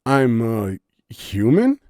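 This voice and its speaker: A man's voice: medium pitch, very animated, measured pace, darkish tone, no room sound, studio quality, voice pushed up. A man voicing a grumpy, sarcastic young human woman in an audiobook story, blunt and exasperated.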